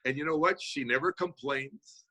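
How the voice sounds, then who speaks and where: A man holding forth in a motivational Q&A, talking quickly in a folksy, energetic way. His voice sits a touch high and rings bright and forceful, coming through a video call. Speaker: speaker answering audience questions. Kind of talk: motivational Q&A talk.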